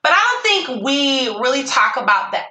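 A young woman co-hosting a podcast, chatting candidly and profanely with animated storytelling. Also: high voice, normal speed. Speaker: podcast co-host. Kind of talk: casual chat. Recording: echoey room with faint noise.

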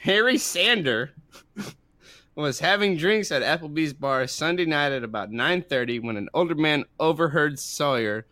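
A man's voice: a little high, lively intonation, a little slow, sharp tone, no echo. A man hosting a casual podcast game, reading headlines and laughing often. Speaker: podcast host running a game.

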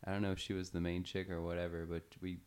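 A man's voice: deep voice, level tone, quick pace, darkish tone, smooth. A man hosting a podcast, telling a story in a loose, profane way full of fillers. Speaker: podcast host. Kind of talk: casual storytelling chat.

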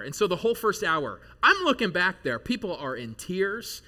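A man in his thirties preaching a sermon to his congregation, telling a jokey personal story with animated bursts of loud excitement. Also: high voice, normal speed. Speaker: pastor. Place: church service before a live congregation.

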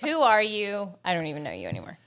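A woman in her thirties, from South Carolina, chatting as a podcast guest, lively, laughing often and breaking into song. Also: mid-range voice, quick pace, gravelly. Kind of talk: casual chat.

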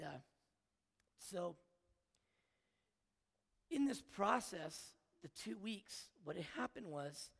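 A man preaching a sermon as a story, earnest and emotional, halting with restarts. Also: on the high side, vocal fry, husky. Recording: long hall reverb.

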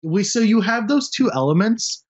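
A man's voice: sits high, animated, moderate pace, breathy edge, lo-fi sound. A man working as a space journalist, talking bluntly and candidly in a casual podcast conversation.

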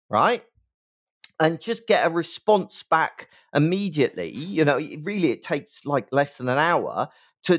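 A middle-aged man with a West Country English accent, explaining design testing as an interview guest, emphatic and often checking in with "right?". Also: a little high. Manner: animated, emphatic, peppers speech with "right?". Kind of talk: conversational interview.

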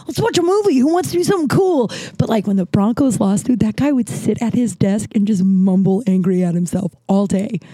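A woman's voice: medium pitch, no echo. Rambling woman comic telling a story. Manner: rambling, filler-heavy, swearing, animated quoting. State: breathing trouble. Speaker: comedian and podcast host. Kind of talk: casual storytelling monologue.

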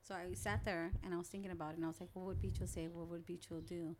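A young woman with a somewhat low voice chats casually as a podcast guest. She tells stories about her family in an animated way and acts out what people said. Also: quick pace, slight background noise. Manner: animated storytelling, acting out family quotes. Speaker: guest, older sister. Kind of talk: casual conversation.

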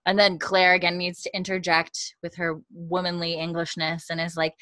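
A woman's voice: lowish voice, normal speed, hardly any pauses, no room sound. Woman recapping a show, acting out quotes. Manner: lively storyteller, acts out quotes, laughs often. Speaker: podcast co-host recapping a show. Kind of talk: casual chat.

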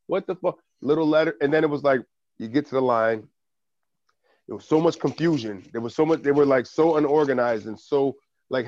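A man's voice: fairly high pitch, dry recording. Muffled man telling a story, cursing. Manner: animated storytelling with profanity. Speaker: podcast co-host. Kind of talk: casual chat.

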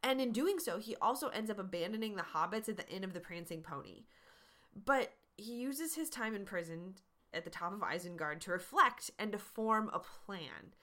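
A woman's voice: medium pitch, lively intonation, moderate pace, bright, forceful tone. A woman hosting a podcast, answering listener questions in an earnest, encouraging, conversational way. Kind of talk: casual advice talk.

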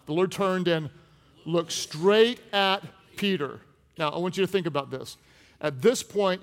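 A man preaching a sermon as pastor, acting out quoted voices and swinging from loud, pressing lines to hushed, heavy ones. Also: a little high. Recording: large hall with long reverb.

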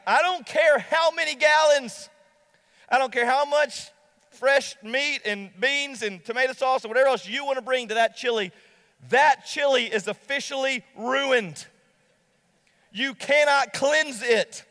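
A pastor preaching a sermon to a congregation, emphatic and slowing down to stress key lines. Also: male voice, sits high, big pitch swings, fairly bright tone, in a large hall.

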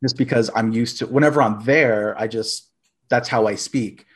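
A man's voice: mid-range voice, moderate pace. Rambling man full of "like" fillers. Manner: rambling, heavy use of "like" fillers. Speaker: podcast guest, dice maker. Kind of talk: casual chat.

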